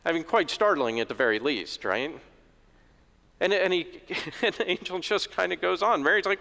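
A man's voice: on the high side, animated, normal speed, creaky, bright, forceful tone. A middle-aged man preaching a sermon in a joking, conversational way, in a church. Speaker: pastor. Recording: echoey church reverb.

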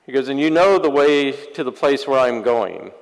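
A male pastor preaching a sermon with wry, sarcastic asides, swinging from loud passages to very quiet ones. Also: mid-range voice, expressive, moderate pace, vocal fry, big-room sound, rough recording.

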